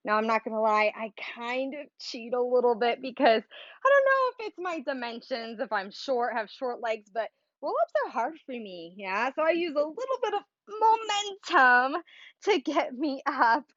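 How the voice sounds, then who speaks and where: A woman's voice: high voice, animated, normal speed, a bit bright, no room sound, muffled recording. A woman leading a Pilates workout, cueing breaths and moves in an upbeat, encouraging, playful way. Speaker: Pilates instructor. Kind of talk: guided workout instruction.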